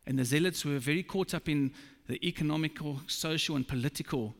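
Gravelly-voiced man preaching in a hall. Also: a little high. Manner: slow, emphatic preaching with scripture quotes. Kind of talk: sermon. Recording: long reverb of a large hall.

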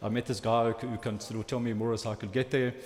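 A man preaching, telling a personal story in a halting, rambling way with many restarts. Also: mid-range voice, little pitch movement, a little mellow. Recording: long hall reverb.

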